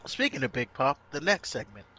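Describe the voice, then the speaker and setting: A man's voice: medium pitch, big pitch swings, a little fast, sharp tone, slight background noise. A man co-hosting a podcast, casually recapping wrestling events and laughing often as he tells the story. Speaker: podcast co-host.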